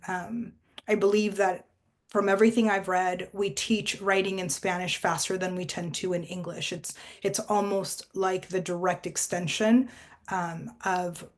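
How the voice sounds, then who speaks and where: A woman with a mid-range voice presents a teacher training workshop. She explains steps in a measured way, using frequent fillers.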